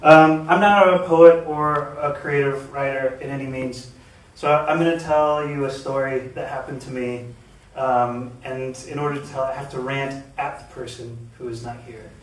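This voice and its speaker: A man's voice: mid-range voice, steady tone, moderate pace. A man telling a comic story at a live reading, ranting in exasperation at an absent person and laughing mid-sentence. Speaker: open-mic storyteller. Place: live reading event, roomy venue. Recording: very echoey room, voice from far off.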